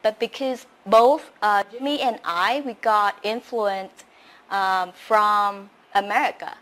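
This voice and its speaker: A woman teaching English pronunciation slowly, with many fillers. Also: medium pitch, fairly even intonation, fairly bright tone. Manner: slow, halting, many fillers. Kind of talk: slow pronunciation lesson.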